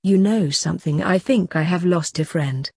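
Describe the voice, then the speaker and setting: Wry stubborn gentleman, read by a woman, dark dry voice. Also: on the low side, slightly rough, dry recording. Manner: slow, wry. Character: bold male gentleman actor, stubborn and wry.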